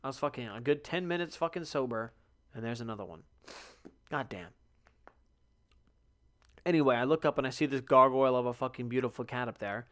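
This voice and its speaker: A young man hosting a solo podcast, telling stories in a profane, animated way, sometimes sleepy and yawning. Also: mid-range voice, a little fast, long pauses. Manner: profane, animated storytelling with loud outbursts. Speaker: podcast host. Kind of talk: casual solo podcast monologue.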